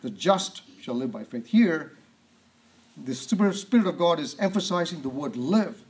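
A man preaching a sermon, reading scripture aloud, asking rhetorical questions and often clearing his throat. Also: a little high, animated, moderate pace.

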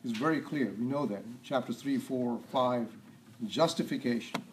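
A man preaching a sermon, stressing and repeating key words and often clearing his throat. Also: medium pitch, moderate pace, slight background noise, rough recording.

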